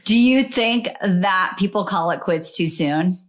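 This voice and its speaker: A woman's voice: on the low side, lively intonation, a little slow. A woman hosting a podcast, chatting in an enthusiastic, rambling way. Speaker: podcast host. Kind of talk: casual interview chat.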